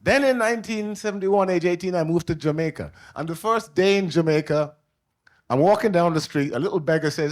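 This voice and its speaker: An older man who grew up in England tells stories on a book festival panel. His voice sits fairly high for a man, and he acts out the people he quotes with lively shifts. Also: brisk. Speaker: author panelist. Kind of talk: anecdotal storytelling. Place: library event hall.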